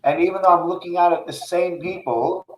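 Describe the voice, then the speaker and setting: A man's voice: high-pitched, a little fast. A man in casual conversation, telling a heartfelt personal story in an earnest way, with many restarts. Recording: echoey room.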